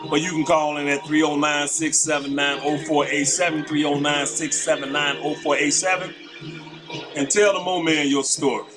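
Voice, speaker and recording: Chatty call-in host over music. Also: male voice, on the high side, flat delivery, normal speed, rough recording. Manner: chatty, repeats the phone number. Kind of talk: casual live call-in talk. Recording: music playing behind.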